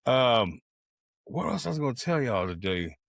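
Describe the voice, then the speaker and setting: A man's voice: medium pitch, big pitch swings, normal speed, creaky, a bit bright, dry recording, clean studio sound. An older man co-hosting a casual chat, telling jokey stories with a lot of swearing. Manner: profane, joking storyteller. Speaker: podcast co-host. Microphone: video call.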